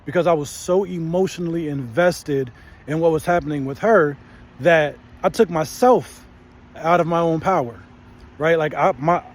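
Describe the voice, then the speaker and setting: A man in his thirties hosting a faith channel, giving a casual motivational talk and often tagging his lines with "right?". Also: on the high side. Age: 30s.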